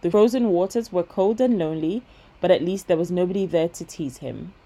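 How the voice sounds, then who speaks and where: A woman reading a bedtime story aloud in a gentle, steady voice. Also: fairly low pitch, a little fast, low-quality recording.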